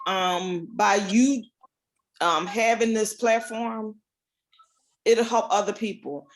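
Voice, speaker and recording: A middle-aged woman joins a video call as a guest. She speaks slowly and hesitantly, pausing often on fillers. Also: fairly high pitch, a little hiss or hum. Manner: hesitant, unhurried, many fillers. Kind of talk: casual video call chat.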